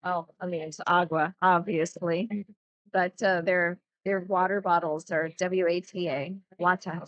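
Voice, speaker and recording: A woman chatting casually as a guest co-commentator on a pool stream, telling relaxed stories. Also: fairly low pitch, a little slow, no room sound. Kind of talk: casual chat.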